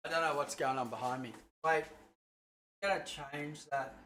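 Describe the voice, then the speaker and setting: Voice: medium pitch, normal speed, fairly bright tone, a little hiss or hum. A chef chatting casually through a home cooking livestream, rambling between tasks and swearing freely. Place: home kitchen.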